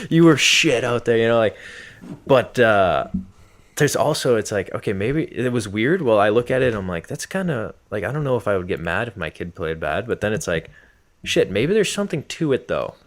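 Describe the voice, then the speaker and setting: A man's voice: fairly low pitch, sing-song, moderate pace. A young man co-hosting a podcast, rambling casually with lots of filler words. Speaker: podcast co-host.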